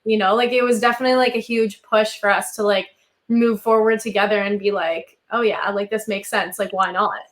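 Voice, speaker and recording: A young woman in her twenties, a singer guesting on a casual chat, relaxed and full of "like". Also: medium pitch, fairly quick. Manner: relaxed, heavy use of "like". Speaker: country duo singer, guest.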